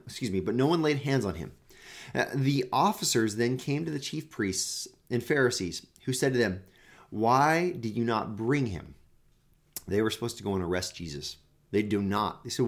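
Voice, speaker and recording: A pastor teaching a daily devotional, reading scripture aloud and then paraphrasing it conversationally, often repeating words as he goes. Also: medium pitch.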